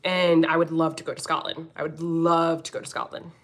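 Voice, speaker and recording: Low and fairly quick, with a flat delivery, this woman's voice carries a strong Philadelphia accent. She's an angel medium hosting a casual livestream, going through comments in blunt, profane style and laughing frequently.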